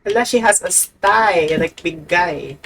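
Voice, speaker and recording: A woman's voice: lowish voice, expressive, unhurried, fairly bright tone, a little hiss or hum, poor audio. A woman streamer chatting casually while she plays a game, swearing often and talking to the characters on screen. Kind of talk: casual gameplay commentary.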